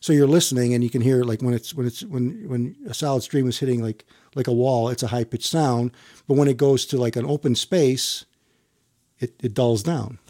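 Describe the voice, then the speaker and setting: Man, middle-aged, firefighter, casual interview storytelling, halting, repeats words, chuckles. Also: medium pitch, dark tone.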